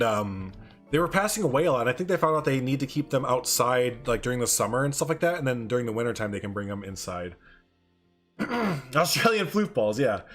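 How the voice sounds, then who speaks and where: A male streamer talks through his build in a loose, rambling way, with lots of filler words and asides to chat. His voice sits at an everyday middle pitch, and soft game music plays faintly behind him. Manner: rambling, chatty, reading out viewer chat. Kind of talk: casual live-stream commentary.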